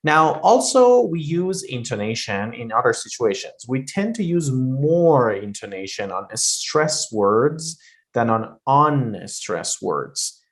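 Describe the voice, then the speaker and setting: A man's voice: medium pitch, big pitch swings, slow pace. A man teaching English pronunciation, explaining intonation in loose everyday talk with many fillers and spoken examples.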